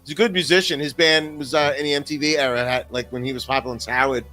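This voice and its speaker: A man's voice: a little high, quick pace. A middle-aged man co-hosting a podcast, chatting casually and telling stories with plenty of profanity. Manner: animated storytelling with crude profanity. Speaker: podcast co-host. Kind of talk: casual chat.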